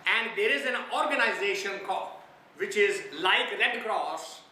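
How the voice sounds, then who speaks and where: A man's voice: high-pitched, expressive, measured pace, pushed and bright, slight background noise. A man from India giving a spiritual talk on a hymn, often putting questions to his listeners. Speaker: spiritual teacher. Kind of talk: sermon on a hymn. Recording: echoey hall, distant mic.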